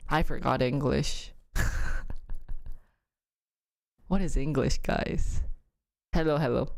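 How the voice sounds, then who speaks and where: Slow-talking woman chatting on stream. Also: a bass voice, vocal fry, darkish tone. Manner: chatty, laughs often, searches for words. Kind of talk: casual live-stream chat.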